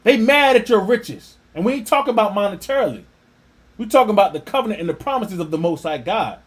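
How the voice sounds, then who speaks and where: A man reading an article aloud and breaking off into scornful, animated religious commentary. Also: sits high, fast talker. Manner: animated, scornful asides with laughter. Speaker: religious teacher.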